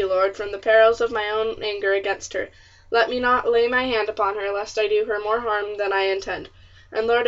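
A woman's voice: mid-range voice, lo-fi sound, close to an everyday voice. Woman voicing a blustering stern colonial father. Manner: blustering, scolding, old-fashioned speech. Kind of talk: audiobook character reading.

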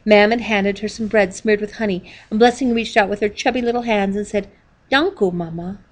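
A woman's voice: medium pitch, level tone. A woman reading a diary-style children's book aloud, calling out the page numbers as she goes. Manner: reads page numbers aloud, measured storytelling. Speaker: reader.

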